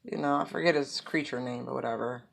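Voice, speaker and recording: A woman's voice: a bass voice, fast, creaky. A woman giving a casual tarot reading, rambling with many asides and fillers. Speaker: tarot reader.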